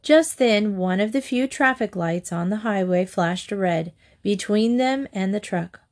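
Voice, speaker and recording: A woman narrating a children's chapter book in a steady, expressive read-aloud. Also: medium pitch, unhurried.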